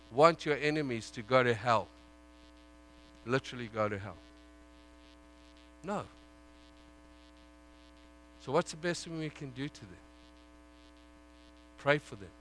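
A man preaching a sermon, swinging from loud pleading to hushed, intimate prayer. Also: medium pitch.

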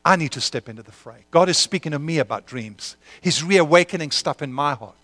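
A man preaching a sermon, moving between impassioned prayer and a quiet, earnest appeal to the congregation. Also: a little high, lively intonation, fairly quick, hardly any pauses, dry recording. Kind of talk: sermon with prayer and altar call.

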